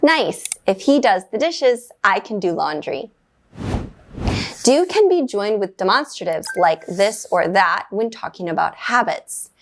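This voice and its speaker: A woman teaching an English grammar lesson, explaining in a clear, measured way and giving short upbeat praise after each exercise. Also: mid-range voice, lively intonation, slight background noise.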